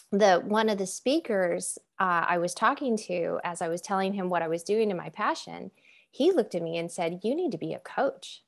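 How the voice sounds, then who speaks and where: A woman in her fifties hosting a podcast, telling stories in an animated way and laughing often. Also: mid-range voice. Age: 50s. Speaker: podcast host. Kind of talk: conversational interview.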